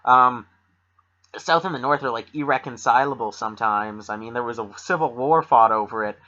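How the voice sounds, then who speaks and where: A man's voice: mid-range voice, moderate pace, pushed and bright, lo-fi sound. A young man co-hosting a podcast in rambling casual chat, joking and restarting his sentences. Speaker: podcast co-host.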